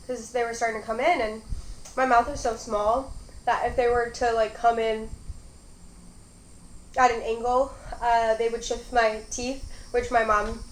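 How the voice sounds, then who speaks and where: A woman's voice: fairly high pitch, level tone, unhurried, pauses often. A young woman hosting an eating vlog, chatting casually and rambling with lots of fillers. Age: young adult. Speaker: mukbang host. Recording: roomy echo, faint background noise.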